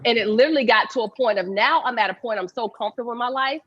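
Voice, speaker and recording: A woman's voice: on the high side, very fast, muffled recording. A woman, a guest on a casual podcast chat, talking frankly and emphatically and swearing freely. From Decatur, Georgia.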